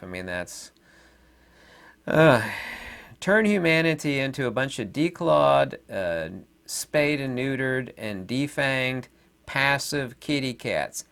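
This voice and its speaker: A man rambling to camera in a casual monologue, pausing often on fillers and trailing off quietly. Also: medium pitch, animated. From Southern United States. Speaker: video commentator.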